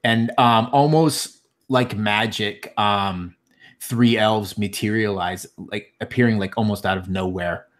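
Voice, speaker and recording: Halting low-voiced man running a tabletop game. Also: steady tone. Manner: halting, many ums and restarts. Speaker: game master.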